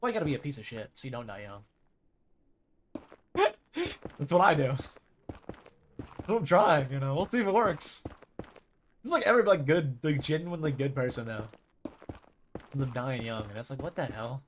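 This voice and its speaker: A man's voice: mid-range voice, animated, brisk, long pauses, a little hiss or hum. A young man streaming a video game, chatting casually and rambling as he plays. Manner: rambling, chatty, with sudden loud mimicking shouts. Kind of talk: casual gameplay chat.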